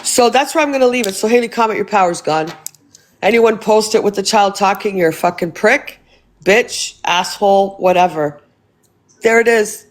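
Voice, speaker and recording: A woman's voice: mid-range voice, moderate pace. A woman hosting a livestream, ranting bluntly into her phone with heavy swearing, repeating her points for emphasis. She keeps circling back to the same complaint in an angry, casual tone. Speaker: livestream host.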